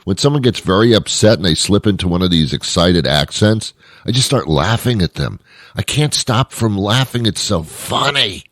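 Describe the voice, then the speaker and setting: Deep-voiced man rambling through a comic monologue. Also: lively intonation, normal speed, fairly bright tone, no room sound, clean studio sound. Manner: rambling, self-interrupting, wry asides. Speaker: show host. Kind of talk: comedic monologue.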